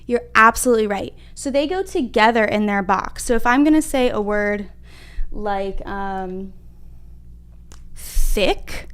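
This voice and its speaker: A young woman teaching a livestreamed phonics lesson to small children, encouraging them and sounding out letters slowly and clearly at a whiteboard. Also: mid-range voice, lively intonation, fairly bright tone. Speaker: kindergarten reading teacher. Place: home room at a whiteboard.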